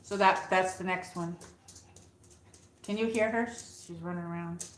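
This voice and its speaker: A woman's voice: lowish voice, steady tone, measured pace, echoey room, low-quality recording. A woman hosting a casual livestream from her home, chatting with viewers and coaxing her dog. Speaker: livestream host. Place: room at home.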